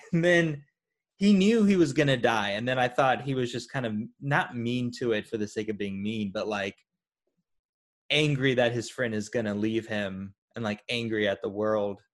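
A man co-hosting a casual chat about a movie, animated and rambling with lots of fillers and restarts. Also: mid-range voice, normal speed. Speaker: podcast co-host.

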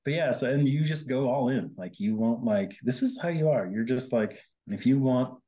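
A man's voice: mid-range voice, animated, normal speed, dark tone, lo-fi sound. A man, a guest on the show, telling his side of a personal story in casual conversation, with lots of fillers and quoted lines of his own. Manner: chatty, quotes himself often, many fillers. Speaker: guest, host's husband.

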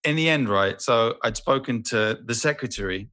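A man telling a casual, animated, self-deprecating story as an interview guest, swearing freely. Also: mid-range voice, moderate pace. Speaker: voice actor guest.

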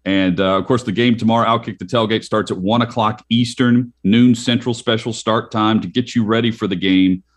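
A man with a lowish voice co-hosts a sports talk show. He is upbeat and promotes upcoming events as he chats. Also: fairly even intonation, normal speed, few pauses. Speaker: co-host.

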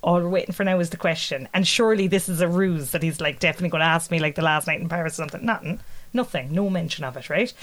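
A woman's voice: fairly low pitch, very fast. Irish woman telling a story, laughing. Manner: animated, laughing often, mimics voices in quotes. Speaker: podcast co-host. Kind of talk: casual storytelling chat.

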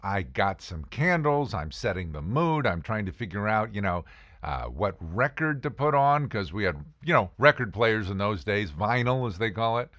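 A man's voice: on the low side, sing-song, moderate pace, fairly bright tone, no echo. A man telling a self-mocking comic story about his past, with punchy asides. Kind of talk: comedic storytelling monologue.

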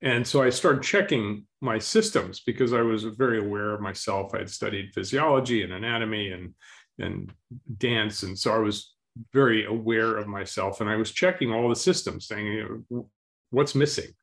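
Male guest, calm storyteller, slow and even, clears his throat between thoughts. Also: on the low side. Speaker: interview guest. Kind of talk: storytelling in an interview.

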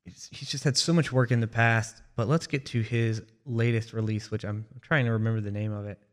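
A man's voice: on the low side, fairly even intonation, a little fast. Male co-host, casual music review talk, hesitant and thoughtful delivery. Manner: thoughtful, hesitant, with many fillers and restarts. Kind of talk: casual album review chat.

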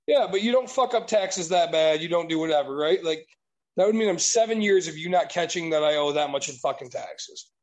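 A man with a high-pitched voice tells a long story in relaxed conversation. He swears freely and sounds exasperated throughout. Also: fairly quick, poor audio. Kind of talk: casual chat.

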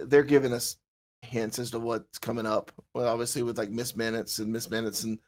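A man with a Southern US accent co-hosts a relaxed podcast chat in a mid-range voice. He talks in an animated way, laughs often and restarts his sentences as he goes. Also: mid-range voice, brisk. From south Alabama. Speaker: podcast co-host. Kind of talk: casual chat.

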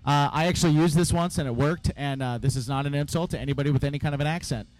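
A man's voice: a little high, racing, darkish tone. A man from Indiana, a podcast co-host telling a story with dry humor. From Indiana, Midwest. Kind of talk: casual storytelling chat. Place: outdoor music festival.

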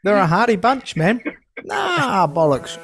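A joking co-host with a slightly high voice, teasing his friends over a video call. His talk stays casual and playful. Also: huge pitch swings, a little slow, vocal fry, a bit bright. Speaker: podcast co-host. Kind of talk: casual chat.

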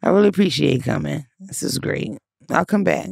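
A woman's voice: low-pitched, lively intonation, normal speed, gravelly, a little mellow, dry recording, studio quality. A woman comedian guest in casual chat, blunt and profane, telling stories.

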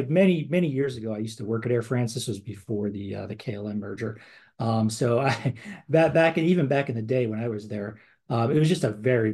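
Man, podcast co-host, casual chat, lots of ums and restarts, middle pitch. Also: darkish tone. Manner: conversational, rambling with many fillers and restarts.

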